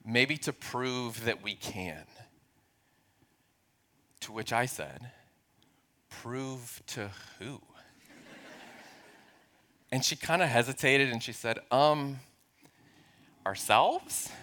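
A man's voice: medium pitch, expressive, slow pace, pauses often, pushed and bright. A man in his forties, a pastor, telling a self-deprecating, humorous story during a sermon.

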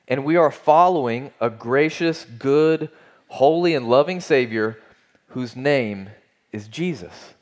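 A man's voice: mid-range voice, slow. A man preaching a sermon, earnest and emphatic, asking rhetorical questions and repeating phrases for weight. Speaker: pastor.

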